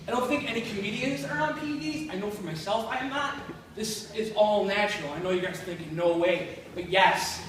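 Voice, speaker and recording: A man with a Western New York accent works through a stand-up set, landing blunt, crude, self-deprecating punchlines. His voice sits high for a man. It comes from a distance in a very echoey room with faint background noise. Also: animated, fast, fairly bright tone. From Buffalo, New York. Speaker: stand-up comedian. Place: comedy club stage.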